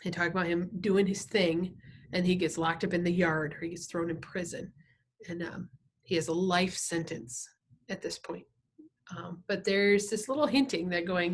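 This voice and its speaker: A woman's voice: lowish voice, steady tone, moderate pace, slightly rough. A woman teacher at home reading a novel aloud, with casual asides that check in with her listeners.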